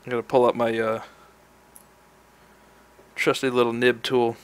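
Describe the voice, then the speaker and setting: Working through an anatomy sculpting demonstration, a man in his thirties who teaches art talks relaxedly and walks through each step as he goes. He has a smooth, medium-pitched voice and never hurries.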